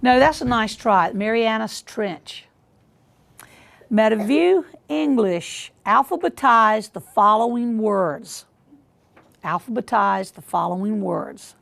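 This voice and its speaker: Gravelly-voiced woman hosting a quiz. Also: a little high, fairly bright tone. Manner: measured, repeats questions deliberately. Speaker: quiz show host. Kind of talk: reading quiz questions.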